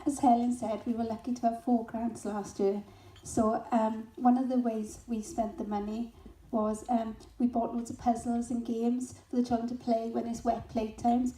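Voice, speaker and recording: Mellow, even-toned woman. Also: fairly high pitch, moderate pace, hardly any pauses. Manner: informal, hesitant. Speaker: school representative. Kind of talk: short speech at a community event. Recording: echoey hall from far off, faint noise.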